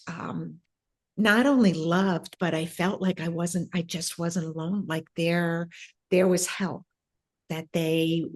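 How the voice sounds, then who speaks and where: Woman on an interview, telling her story slow and reflective, lots of ums, lowish voice. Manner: reflective, halting with many fillers. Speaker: interview guest, ancestral healer.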